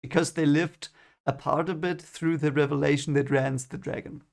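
A man's voice: a little high, steady tone, moderate pace, vocal fry. A young man giving first-time read-along commentary on a book, hesitant and repeating his words, often chuckling. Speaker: book reader reacting.

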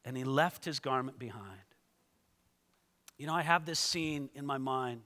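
A male pastor preaching a sermon in a lively way, speaking directly to his listeners. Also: medium pitch, unhurried, big-room sound. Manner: animated, talks straight to listeners. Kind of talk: expository sermon.

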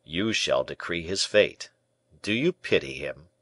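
Hushed, calculating courtier, as a male reader voices him, low measured persuasion, dry close sound. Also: expressive, no room sound, heavily acted. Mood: persuasive. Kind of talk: audiobook character reading.

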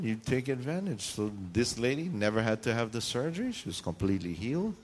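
A man preaching a sermon, telling a funny story and jumping into high squealing voices for the people in it. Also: a little fast, few pauses, slight background noise. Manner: animated, jumps into high squealing voices for the people in his stories.

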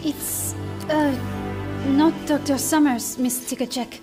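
A shy, stammering young engineer. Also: female voice, sits high, fairly even intonation, takes it slowly, over music. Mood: flustered. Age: young adult. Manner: hesitant, stammering, gentle. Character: shy young female engineer, earnest and hesitant. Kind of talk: game cinematic voice acting.

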